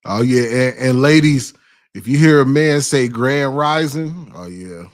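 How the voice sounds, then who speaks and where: A man's voice: mid-range voice, animated, moderate pace. A man co-hosting a casual sports watch-along, laid-back and laughing at his own jokes. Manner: laid-back, laughs a lot, joking asides. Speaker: co-host.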